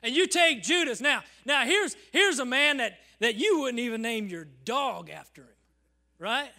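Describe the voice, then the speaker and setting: A man preaching in church with a very high voice that rings sharp and bright. He swings between loud calls and hushed near-whispers, acting out church folk in quoted voices and tossing "Amen?" to the pews. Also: expressive, moderate pace. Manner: acts out congregants in quoted voices, asks the crowd "Amen?". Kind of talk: sermon. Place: church service.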